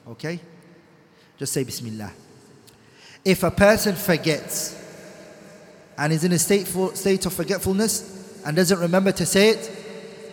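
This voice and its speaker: A man teaching a classroom lecture, reciting Arabic text quickly and then explaining it in English, putting questions to the class. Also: fairly high pitch. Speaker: teacher of Islamic law. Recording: echoey hall.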